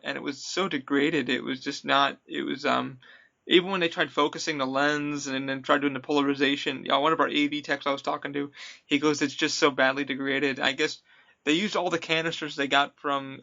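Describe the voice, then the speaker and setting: Gravelly, bright-voiced man telling stories. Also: fairly high pitch, a little fast, highs cut off. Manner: animated storyteller acting out quotes. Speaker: podcast host, former attraction worker. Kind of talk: casual chat, storytelling.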